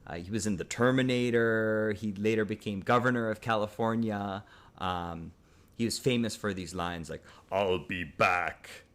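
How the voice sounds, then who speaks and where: A man teaching an English lesson on camera, speaking thoughtfully with frequent um and uh fillers. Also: fairly low pitch. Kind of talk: casual video lesson.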